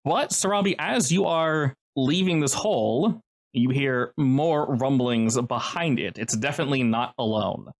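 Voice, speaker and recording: Playful game master narrating a tabletop fight, voice bouncing all over, mid pitch. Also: unhurried. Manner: playful, animated narration with jokey asides.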